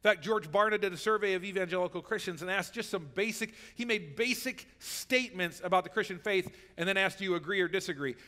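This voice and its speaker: A man's voice: high-pitched, fairly quick, hardly any pauses, sharp tone, big-room sound. A man preaching a sermon as pastor, in a conversational way that keeps checking in with the listeners. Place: church sanctuary.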